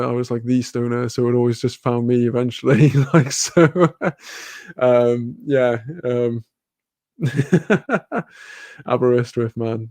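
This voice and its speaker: Laid-back Welsh man with a gravelly voice. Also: medium pitch, dark tone, dry recording. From Wales. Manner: laid-back, swears freely, laughs often. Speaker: livestream host. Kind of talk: casual chat reading viewer comments.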